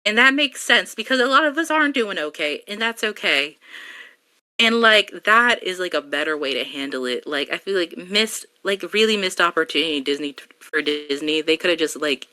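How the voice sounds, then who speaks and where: Low, bright-toned chatty woman podcaster. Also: moderate pace. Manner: chatty, heavy use of "like", animated asides. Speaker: podcast host. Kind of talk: casual chat.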